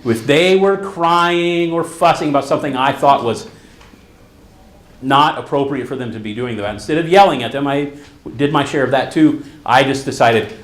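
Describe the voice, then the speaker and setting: In an echoey conference hall, a medium-pitched man in his middle years, a therapist, gives a lively talk full of stories, voicing the quotes as he goes.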